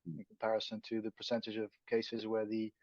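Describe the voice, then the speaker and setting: This interview guest is a native Dutch speaker from the Netherlands with a Dutch accent, pausing thoughtfully as he hunts for words. He speaks fairly quickly in a lowish, monotone, darkish voice. The sound is dry, dull and lo-fi.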